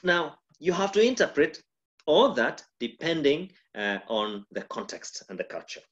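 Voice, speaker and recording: A man with a Kenyan accent, a pastor giving a mentorship lecture on communication, demonstrative and full of pauses and shifts in volume. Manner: lively, demonstrative, shifts volume and pitch to illustrate.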